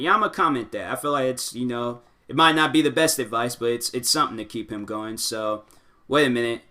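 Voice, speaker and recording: Young guy host, bright voice, rambly slangy chat w lots of ums. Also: medium pitch, fairly quick. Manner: rambling, loose slang-filled talk with many fillers. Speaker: podcast host reading advice posts. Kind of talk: casual chat.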